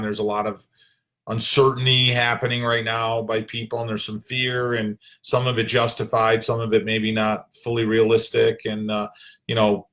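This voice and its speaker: Low-voiced man talking from his home office. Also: pushed and bright. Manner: reflective, conversational, many fillers and restarts. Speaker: chiropractor and coach. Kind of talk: casual talk to camera.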